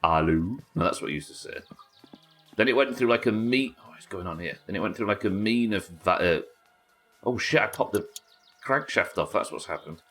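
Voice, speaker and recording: Deep-voiced British man streaming a game. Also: lively intonation, brisk, fairly bright tone, faint music behind. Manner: chatty, swears, reads chat aloud. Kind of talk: casual gameplay chat.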